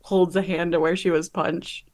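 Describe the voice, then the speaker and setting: A woman player in a tabletop role-playing game, describing her character's actions in a casual, halting way with many fillers. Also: fairly low pitch, little pitch movement, darkish tone.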